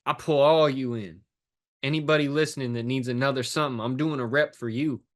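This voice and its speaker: A man's voice: medium pitch, steady tone, a little fast. A man, a fitness and life coach as a guest, talking emotionally and intensely in an interview, swearing now and then. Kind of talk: impassioned interview talk.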